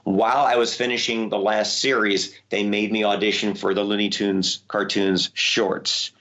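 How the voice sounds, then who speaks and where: A man, a voice actor, telling stories in a casual interview with a lively manner. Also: normal speed, lo-fi sound. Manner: lively, jumps up in pitch when excited. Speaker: voice actor guest.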